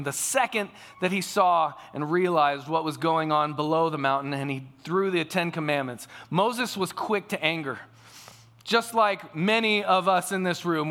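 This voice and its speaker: A man's voice: on the high side, pushed and bright. A man preaching a sermon to a congregation, telling a family story in a conversational way. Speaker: pastor.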